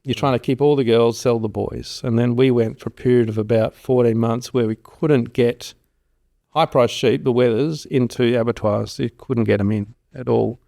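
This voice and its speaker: A man's voice: mid-range voice, normal speed, creaky. A middle-aged man, telling stories in a rambling, casual way as a farm consultant in an interview. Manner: rambling, animated storyteller who acts out quoted voices.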